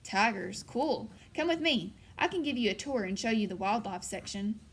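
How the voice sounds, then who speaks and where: A woman's voice: medium pitch, lively intonation, moderate pace, fairly bright tone, a little hiss or hum. A woman reading the lines of a cheerful, chatty teenage girl who works at a library. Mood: upbeat. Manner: bubbly, friendly.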